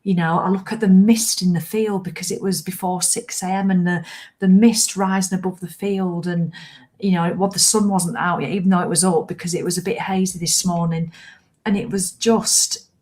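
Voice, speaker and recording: Woman host, lowish voice, upbeat, chatty and encouraging on a live stream. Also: steady tone, moderate pace, darkish tone. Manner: chatty, encouraging, acts out grumbling viewers. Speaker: host of a walking challenge livestream. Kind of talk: casual live chat to viewers.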